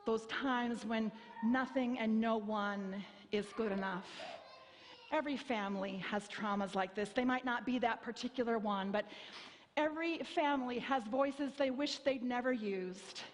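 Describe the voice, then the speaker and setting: A woman's voice: a little high, unhurried, a little hiss or hum. A woman pastor in her fifties preaching a sermon, telling stories in a wry, self-mocking way and acting out voices. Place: church sanctuary. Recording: long hall reverb.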